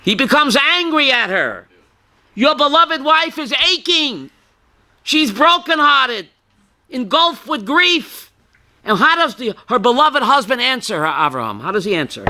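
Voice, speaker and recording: A man's voice: extremely high pitch, sing-song, measured pace. A man, a rabbi leading a Torah class, quizzing his listeners by name and now and then raising his voice to drive a point home. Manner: calls on listeners by name, asks questions, bursts loud.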